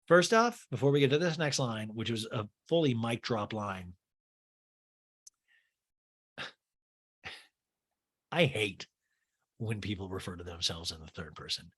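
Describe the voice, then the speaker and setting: A man's voice: lowish voice, slow, pauses often, breathy edge. A man hosting a podcast, recapping a TV show with sarcastic, profane comic asides. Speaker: podcast host. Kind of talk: comedic TV recap.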